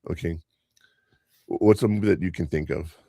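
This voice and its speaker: An older man hosts a podcast in a casual, chatty way, rambling through stories and doing voices when he quotes other people. His voice is low, gravelly and dark, and he talks fairly quickly. The recording is dry and clean, with studio sound.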